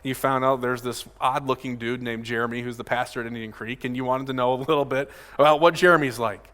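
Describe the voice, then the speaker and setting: A long reverb tail follows a male pastor delivering a conversational sermon from a pulpit microphone in a church sanctuary. His mid-range voice is steady in tone, a bit bright and fast, and he is casual and direct, regularly questioning the congregation.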